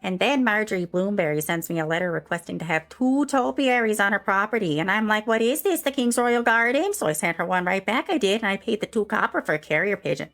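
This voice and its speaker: A woman's voice: medium pitch, lively intonation, fast talker, few pauses, a bit bright, faint music behind, voice pushed up. A woman voicing an entitled, gossiping middle-aged Midwestern woman in a tabletop role-play, with a Midwestern accent and a chirpy, prim, chattering manner. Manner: rambling gossip with folksy exclamations.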